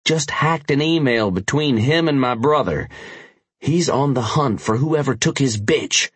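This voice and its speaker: A man voicing an urgent young male biker ally in an audiobook, speaking in a rushed, pressing way. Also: medium pitch, breathy edge, dry recording, pitched above the performer's own voice.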